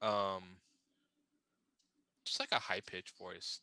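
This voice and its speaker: A man hosting a casual group chat, animated and laughing often as he hands out voices. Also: sits low, slow pace, vocal fry, no room sound.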